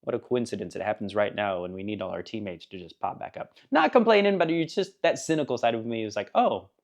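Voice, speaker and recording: A man's voice: fairly low pitch, lively intonation, fast. A man giving a casual spoken book review, rambling and enthusiastic, laughing now and then at the funny parts.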